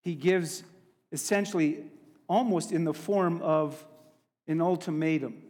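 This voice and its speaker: A man with a high voice preaches a sermon at a slow, deliberate pace. He is emphatic and drops casual asides, and his voice carries a long reverb from a church hall. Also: darkish tone.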